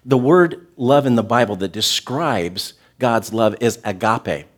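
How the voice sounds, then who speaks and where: A man preaching a sermon as a pastor, earnest and direct with the congregation, slowing down to stress key words. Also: mid-range voice. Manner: talks directly to the congregation with asides.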